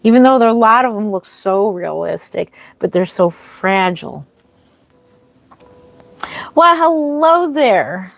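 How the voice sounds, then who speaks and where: A woman's voice: mid-range voice, moderate pace, creaky, hardly any pauses, no room sound. Chatty woman reading live-stream comments. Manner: chatty, warm greetings, frequent ums and restarts. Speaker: reborn doll artist streaming live.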